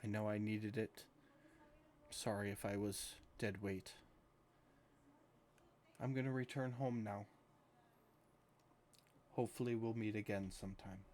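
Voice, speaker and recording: A man's voice: fairly low pitch, steady tone, unhurried, long pauses, a little mellow, slight background noise, lightly acted. Man voicing a humble young adventurer girl. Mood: grateful.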